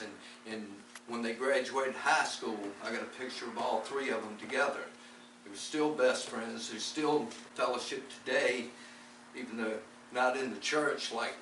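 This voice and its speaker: A man gives a heartfelt, rambling testimony in a church setting, stumbling over repeated words as he goes. He is recorded from a distance in an echoing room. Steady background noise runs under his voice. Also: medium pitch. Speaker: lay preacher. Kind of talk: testimony-style faith talk.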